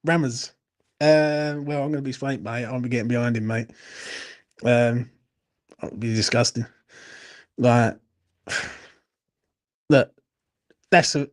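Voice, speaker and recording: A man hosting a late-night fan Q&A, tipsy, swearing and ranting with laughing banter. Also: medium pitch. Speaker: fan channel host. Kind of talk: late-night live Q&A chat.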